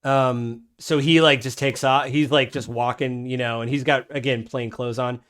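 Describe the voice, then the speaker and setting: A man's voice: mid-range voice, steady tone, normal speed, fairly bright tone. Rambling male game master. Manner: loose, with many fillers. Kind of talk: narrating a tabletop game.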